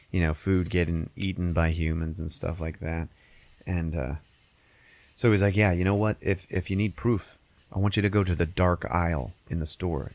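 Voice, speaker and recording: A man hosting a podcast, casually recapping a movie's plot with lots of profanity and laughter, jumping into squeaky put-on voices for the characters. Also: creaky, no room sound. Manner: profane, laughing, animated storytelling. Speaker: podcast host.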